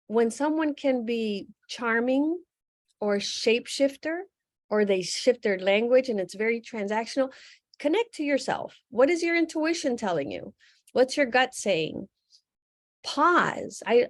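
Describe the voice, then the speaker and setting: A woman speaking as a panelist in a webcast conversation, thoughtful and measured, often posing questions. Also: on the high side, no room sound, studio quality. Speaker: guest panelist.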